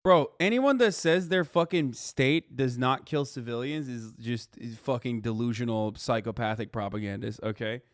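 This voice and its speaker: A man's voice: medium pitch, moderate pace, hardly any pauses, no echo, clean studio sound. A man in his thirties reacting to a news video on a livestream, ranting heatedly and swearing often as he talks to his chat. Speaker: livestream commentator.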